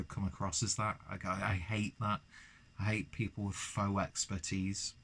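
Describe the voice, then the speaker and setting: A young man chatting through a beer review, rambling and self-deprecating, with lots of fillers. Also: on the low side. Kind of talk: casual beer review vlog.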